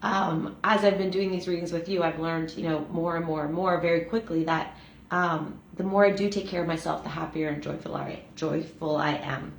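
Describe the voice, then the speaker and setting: A middle-aged woman gives a heartfelt reflection on a daily reading, earnest and a little rambling, with many fillers. Her voice sits fairly low, and the room around her has a noticeable echo. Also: steady tone, normal speed, vocal fry, a little hiss or hum. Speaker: energy healer and breath facilitator. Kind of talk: reflective self-help reading and chat. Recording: echoey room.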